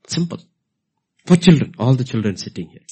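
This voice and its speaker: Husky man preaching with emphasis. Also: mid-range voice, sing-song, brisk. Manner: swings between hushed whispers and loud, emphatic exclamations; repeats key phrases for emphasis. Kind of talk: sermon.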